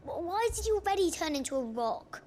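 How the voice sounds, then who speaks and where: A woman's voice: extremely high pitch, sing-song, brisk. An actress voicing a spoiled, petulant little village girl in a video game. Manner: whiny, petulant.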